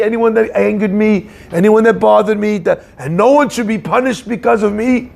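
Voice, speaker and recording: A man giving an animated storytelling sermon, acting out the people in his story. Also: high-pitched, normal speed, vocal fry, hardly any pauses. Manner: animated storyteller, acts out shouting voices. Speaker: rabbi giving a talk.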